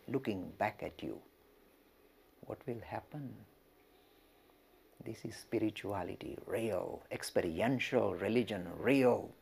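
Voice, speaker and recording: A male religious lecturer telling a story in an expressive way and speaking directly to his listeners. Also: on the low side, vocal fry, slight background noise.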